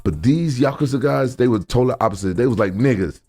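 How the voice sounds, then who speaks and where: A man telling a story in a casual chat, animated and profane, often repeating himself. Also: mid-range voice, fast talker, breathy edge. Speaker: podcast guest.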